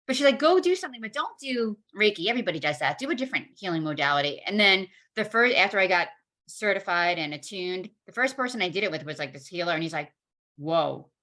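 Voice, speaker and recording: A woman guest in a casual podcast chat, an animated storyteller who acts out quoted dialogue. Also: fairly low pitch, quick pace.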